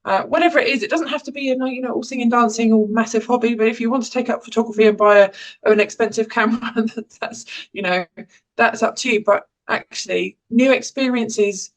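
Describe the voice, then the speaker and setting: A woman in her forties from England, speaking with an English accent, gives an informal, conversational talk on well-being; she's an educational psychologist and parent caregiver. Her voice is a little high and fairly even, her pace brisk, and she restarts often and laughs lightly, though the recording is rough.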